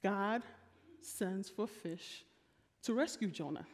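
A woman pastor preaching a sermon in an animated, humorous, colloquial storytelling style. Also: medium pitch, slow. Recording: long reverb of a large hall.

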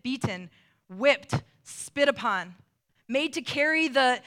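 A woman preaching a sermon, earnest, dropping soft and slow when she quotes scripture. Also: high voice.

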